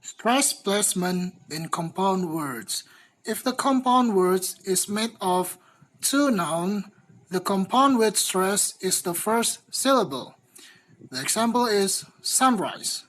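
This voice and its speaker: A young woman student reading a class presentation slowly and carefully, with small grammar slips. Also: mid-range voice, animated, poor audio.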